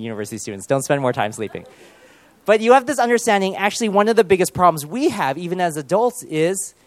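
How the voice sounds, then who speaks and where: Man giving a relaxed, joking sermon. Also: high voice, no echo. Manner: conversational, self-deprecating humor, prays aloud softly. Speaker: pastor.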